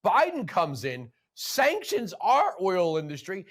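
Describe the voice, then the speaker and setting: Brief: male TV host, fairly high voice, quick sarcastic questions. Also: expressive. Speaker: talk show host. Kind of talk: political talk show interview.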